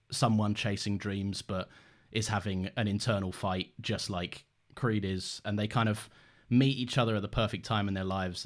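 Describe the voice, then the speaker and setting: A man with an enthusiastic, earnest manner, co-hosting a casual chat reviewing a film. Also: lowish voice. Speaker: podcast co-host.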